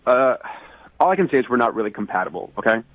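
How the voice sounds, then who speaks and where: A man's voice: medium pitch, animated, quick pace, no room sound. A man on a prank phone call, ranting indignantly and with growing animation about a date.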